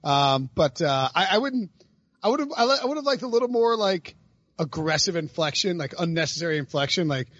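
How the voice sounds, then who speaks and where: A man hosting a podcast, talking in a rambling, animated, self-interrupting way. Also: on the high side, fairly quick, dry recording, muffled recording. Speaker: podcast host. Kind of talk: casual chat.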